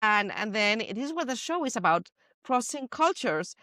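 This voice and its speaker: Woman, Spanish accent, podcast host, animated storyteller, dry close mic. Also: a little high, normal speed, no echo. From Spain. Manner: animated storyteller, playful asides. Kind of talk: casual chat.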